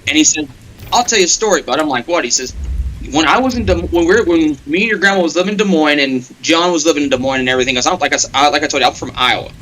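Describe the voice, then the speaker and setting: A bright, forceful male voice, a touch higher than most men's, carries a lively run of anecdotes over an online voice chat. He laughs and swears his way through the stories. A faint hum of room ambience sits underneath. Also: rapid-fire, rough recording. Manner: animated storyteller, laughs often, swears. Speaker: guest on a gaming stream. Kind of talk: casual storytelling chat.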